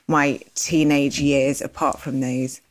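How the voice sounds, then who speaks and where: A woman with a notably low voice tells her own story as an interview guest. She is animated and slips into the voices of remembered conversations as she goes. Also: takes it slowly. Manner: animated, acts out remembered dialogue.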